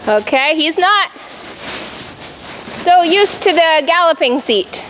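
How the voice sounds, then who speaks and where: A woman's voice: extremely high pitch, sing-song, slow, fairly bright tone, slight background noise, rough recording. A woman riding instructor coaching a jumping lesson, calling out cues and explaining in an encouraging, instructive way.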